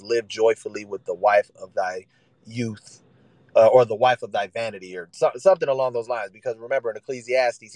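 A man's voice: on the low side, dry recording, low-quality recording. A man preaching a sermon in casual vernacular, emphatic and repetitive, acting out the voices he quotes.

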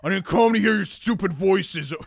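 A man mimicking an angry male viewer who shouts, high and petulant. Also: normal speed, gravelly, dry recording. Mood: mocking.

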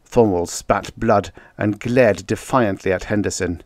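A man narrating a vintage science fiction story in a measured storytelling manner. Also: lowish voice, steady tone, dry recording, clean studio sound. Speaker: audiobook narrator. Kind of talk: scripted narration.

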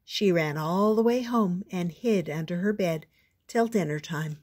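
An older woman reading a picture book aloud as a storyteller, expressive and playful. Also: lowish voice, measured pace, breathy edge.

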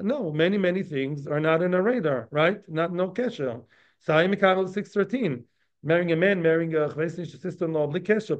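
A man's voice: fairly high pitch, highs cut off. A man teaching a daily Talmud class in a conversational lecture style, often asking his listeners questions.

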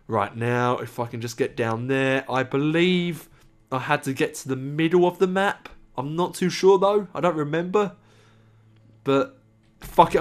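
A sleep-deprived man giving rambling, swearing, self-mocking gameplay commentary. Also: mid-range voice. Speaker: let's play gamer. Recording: clear background music.

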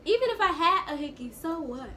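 High-voiced teenage girl teasing. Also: sing-song, brisk, background noise. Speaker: vlogger pranking her grandmother. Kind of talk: casual prank vlog.

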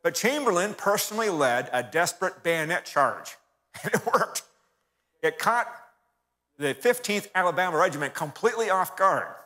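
A man's voice: high voice, expressive, normal speed, bright, forceful tone. A man giving a storytelling history talk to a church congregation, calling them folks. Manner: storytelling, addresses audience as folks. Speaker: church speaker. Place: church hall. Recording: reverberant church hall.

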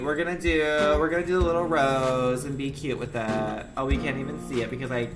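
Sassy, profane man streaming a game. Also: medium pitch. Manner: sassy, profane, dramatic self-talk. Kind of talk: live gaming commentary.

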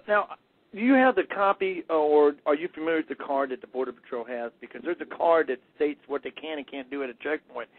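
A man's voice: on the high side, fairly quick, no echo. A man hosting a radio talk show, asking blunt questions with a sarcastic edge. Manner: blunt, sarcastic, plain-spoken. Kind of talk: radio interview. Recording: dry, phone-like audio.

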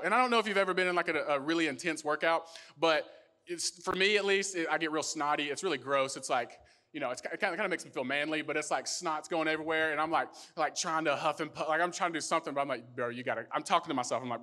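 A young male pastor delivers a sermon as a personal story. His voice sits a little high for a man, and he talks in a loose, animated, conversational way, with frequent fillers. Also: fast talker.

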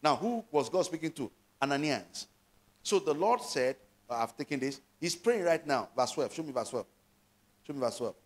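A male pastor delivers a sermon, reading Bible verses aloud and explaining them. His voice sits a little above the usual pitch for a man. He keeps turning to his listeners with questions as he preaches. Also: expressive, normal speed. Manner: preaching with call-and-response questions.

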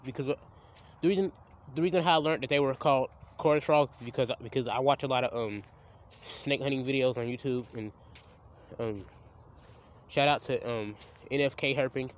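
A man's voice: medium pitch, moderate pace. A young man, filming a casual outdoor vlog by a creek on a handheld phone, rambling and stammering as he restarts his sentences. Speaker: vlogger. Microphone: handheld phone camera.

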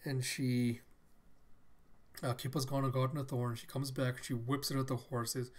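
A man of middling pitch talks through a comic book scene by scene in a relaxed, conversational retelling. He keeps backing up to fix a name or detail partway through a sentence, and he never sounds scripted. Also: normal speed. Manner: chatty, retells scenes loosely and corrects himself mid-sentence. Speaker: comic book reader and commentator. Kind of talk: casual read-through narration.

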